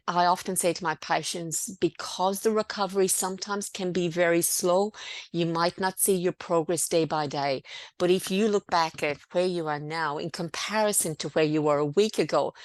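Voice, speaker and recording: Low-voiced nurse, reassuring. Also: female voice, no room sound. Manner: reassuring, conversational, many fillers. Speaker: clinical nurse presenter. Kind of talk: online education seminar talk.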